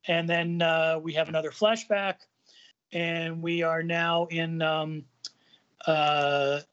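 A man's voice: a little high, flat delivery, slow, a bit bright, clean tone. Man, podcast co-host, comic recap, hesitant, reads dialogue aloud, muffled lo-fi audio. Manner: hesitant, many ums and uhs, reads quotes lightly acted. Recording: dull lo-fi audio.

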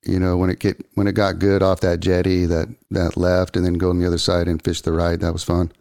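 An older man, a guest, telling a story in a casual, animated way, full of surfer slang and acted-out quotes. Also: sits low, brisk, gravelly.

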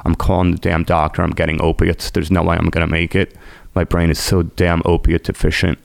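A man's voice: deep voice, monotone, brisk, creaky, dry recording. A man, a podcast guest, telling his recovery story in an emotional, intense way.

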